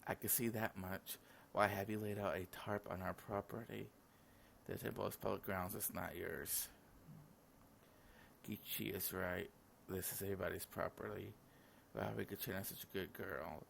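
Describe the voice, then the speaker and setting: Gravelly low-voiced man reading a game. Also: fairly even intonation, normal speed, a bit bright, a little hiss or hum. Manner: reads every character's lines in his own voice, with casual asides. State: sleepy, yawning. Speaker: gaming channel host. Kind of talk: reading a visual novel aloud.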